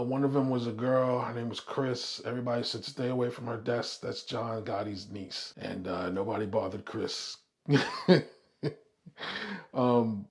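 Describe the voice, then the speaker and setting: A middle-aged man telling a casual, rambling story on his vlog, swearing freely and laughing along as he goes. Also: mid-range voice. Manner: rambling, profane, laughs often. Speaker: vlog host.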